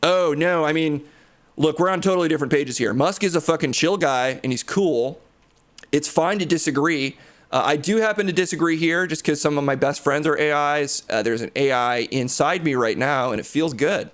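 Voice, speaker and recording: A man's voice: on the high side, normal speed, fairly bright tone, close to an everyday voice. A man voicing a brash, boastful reanimated superhero tech genius who brags crudely about himself. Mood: cocky. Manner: cocky, crude bragging. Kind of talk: improvised comedy impression.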